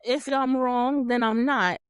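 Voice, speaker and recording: A woman's voice: a little high, steady tone, slow pace, clear, resonant tone, dry recording, clean studio sound. A young woman from New York hosting a podcast, chatting casually and animatedly, laughing often and swearing freely. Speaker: podcast host. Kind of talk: casual chat.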